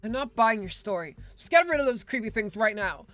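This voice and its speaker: An actress voicing a demanding, frightened adult woman guest at a beach resort in a video game, complaining in a shrill, insistent way. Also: expressive, quick pace. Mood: panicked. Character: panicked adult female hotel guest, demanding and fearful.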